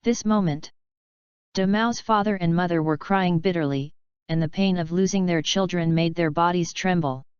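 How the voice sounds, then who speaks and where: A woman narrating a fanfiction audiobook in a flat, even reading, with a dull lo-fi sound. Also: lowish voice, moderate pace, smooth, no room sound. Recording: dull lo-fi dry recording.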